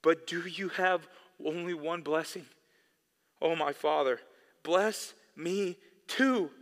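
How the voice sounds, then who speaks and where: A man voicing an anguished grown son who begs his father, crying out loud and strained. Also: fairly high pitch, slow pace. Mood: anguished pleading. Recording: long echo of a big hall.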